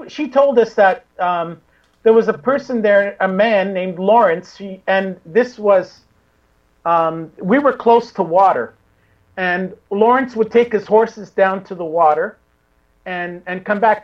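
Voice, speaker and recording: Rambling woman guest on muffled audio. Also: medium pitch. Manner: rambling, with many restarts and fillers. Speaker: paranormal investigator guest. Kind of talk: casual interview chat.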